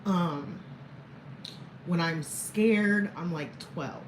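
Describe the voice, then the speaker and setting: A woman in her thirties talks to her viewers in a rambling, candid way and chuckles between thoughts. Her voice sits a little low for a woman. It rings in an echoey room over faint background ambience. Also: extremely slow, a little hiss or hum. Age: 30s. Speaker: vlogger. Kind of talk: casual personal talk to camera.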